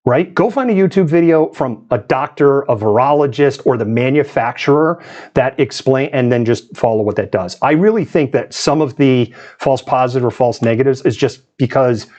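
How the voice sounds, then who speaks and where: A man's voice: medium pitch, normal speed, darkish tone. A man from the US East Coast hosting a live news stream, talking in a chatty, digressive way and laughing often. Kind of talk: casual live-stream commentary.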